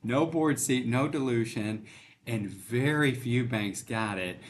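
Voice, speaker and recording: Middle-aged man, interview guest, earnest storyteller, acts out the voices, mid pitch, faint room noise. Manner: earnest storytelling, emotional, acts out quoted dialogue. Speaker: bank CEO, guest. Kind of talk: conversational testimony in an interview.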